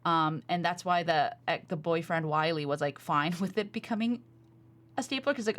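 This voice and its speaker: Woman rambling on a chat podcast, bit low pitched, lots of likes and ums. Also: normal speed. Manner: animated, chatty, many fillers. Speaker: podcast co-host. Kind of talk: casual chat.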